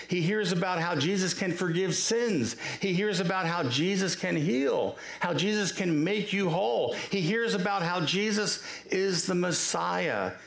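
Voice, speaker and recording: Male pastor, storytelling sermon, raspy-gravelly, roomy church live stream. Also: high voice, a bit bright. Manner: storytelling, acts out the cries, jokes with the congregation. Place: church sanctuary.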